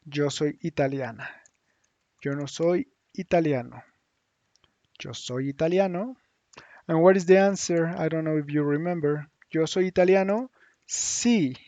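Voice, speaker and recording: A man teaching a lesson, thinking aloud slowly with hums and restarts as he works on screen. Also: a little high, dark tone, dry recording, lo-fi sound. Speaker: Spanish teacher. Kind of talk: screen-share language lesson.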